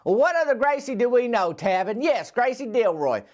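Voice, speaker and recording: A man voicing a fussy, flustered old grandmother who talks in a high, insistent way. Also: big pitch swings, normal speed.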